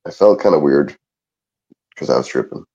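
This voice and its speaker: A man's voice: a bass voice, lively intonation, moderate pace, warm tone, slightly rough, lo-fi sound. A middle-aged man in casual chat, easygoing and laughing often as he tells anecdotes.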